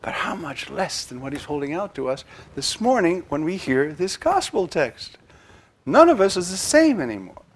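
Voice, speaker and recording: Gravelly older man preaching animatedly. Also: fairly high pitch, moderate pace. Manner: animated, conversational preaching with many restarts. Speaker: priest. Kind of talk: sermon.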